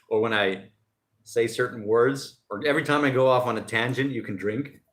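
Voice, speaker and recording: A man's voice: mid-range voice, normal speed, a bit bright. Male stream host, casual and jokey, rambles between chat messages, recorded outdoors. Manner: loose, rambling and jokey, often laughing. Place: outdoors by the ocean.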